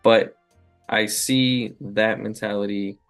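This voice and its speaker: A young man talks in a relaxed, reflective way, using fillers as he goes. His voice is low and gravelly. Quiet music plays faintly in the background. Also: slow pace. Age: young adult. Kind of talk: casual opinion talk.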